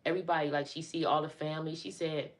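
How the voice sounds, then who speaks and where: A woman's voice: sits low, little pitch movement, fast talker. A middle-aged woman chatting casually on a live stream, talking to her viewers as y'all.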